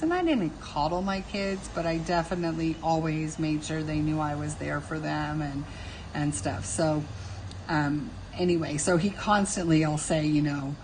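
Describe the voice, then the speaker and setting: Woman, 50s, live stream host. Casual, chatty, self-deprecating, lower pitch. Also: darkish tone, slight background noise, poor audio. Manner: chatty, self-mocking, laughs often. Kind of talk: casual chat while drawing.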